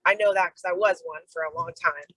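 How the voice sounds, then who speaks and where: A woman's voice: lowish voice, fairly quick, slightly rough, dry recording, poor audio. A middle-aged woman on a video call, casually telling a personal story, acting out the dialogue and saying "like" a lot. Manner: animated storyteller who acts out quoted dialogue; fillers like "like". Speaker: program member sharing a story.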